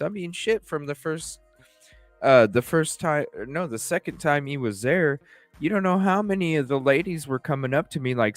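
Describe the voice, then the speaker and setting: A man hosting a livestream, telling stories in a rambling, profane, animated way. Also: a little high, dry recording. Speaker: livestream host. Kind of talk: casual livestream talk.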